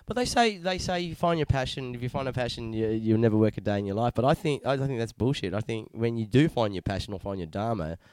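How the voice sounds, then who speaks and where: A man's voice: mid-range voice, fast talker, hardly any pauses, a little mellow, clear, resonant tone, dry recording. A man hosting a podcast interview, chatting in a matey, rambling way with lots of swearing and fillers. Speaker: podcast host. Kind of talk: casual chat.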